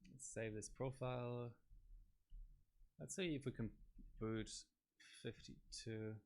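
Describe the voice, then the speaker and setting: A man casually commenting on his livestream, thinking aloud in a halting way with fillers. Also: mid-range voice. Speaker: overclocking livestream host.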